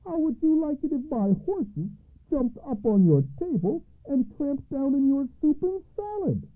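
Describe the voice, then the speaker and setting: A man voicing an indignant farmer who scolds loudly, on a tinny radio broadcast. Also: lowish voice, wildly swooping pitch, moderate pace, gravelly, faint music behind, heavily acted. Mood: angry scolding. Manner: shouting, scolding.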